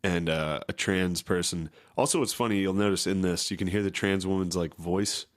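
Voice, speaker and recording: A man co-hosting a comedy podcast trades casual, crude banter, laughing and doing mocking voices. He has a low voice and speaks at a moderate pace.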